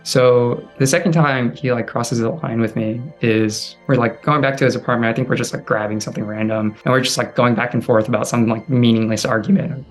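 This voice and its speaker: Soft-spoken young American man, halting. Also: medium pitch, fairly even intonation, faint music behind. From California, USA. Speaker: abuse survivor sharing his story. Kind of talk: personal testimony to camera.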